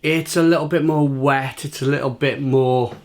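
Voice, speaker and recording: A man's voice: medium pitch, fairly even intonation, moderate pace. A British man in his thirties chatting casually to camera as a food reviewer, repeating himself and talking while he eats.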